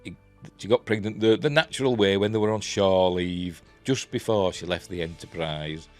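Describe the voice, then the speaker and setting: A man's voice: low voice, normal speed, faint music behind. A man with a Yorkshire accent reviewing a TV episode in a rambling, casual way, full of fillers.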